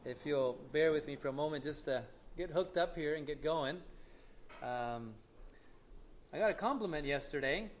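A man in his forties, a missionary speaking to a church congregation, relaxed and unhurried with many "uh" pauses, and leading a short prayer. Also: fairly high pitch, a little hiss or hum. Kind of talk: casual church talk with a prayer.

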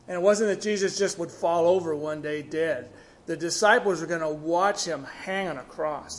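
Man, middle-aged, preacher, sermon, earnest, slightly high pitch. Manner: earnest, rising emphasis then quiet falls.

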